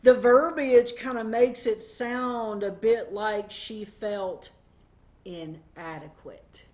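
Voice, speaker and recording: A woman teaching a weekly Bible devotion in a conversational, animated way, often pausing on fillers. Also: on the high side.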